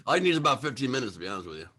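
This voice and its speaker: Bright lively man firing off wisecracks. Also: mid-range voice, rapid-fire. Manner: punchy wisecracks. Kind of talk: casual comedy chat.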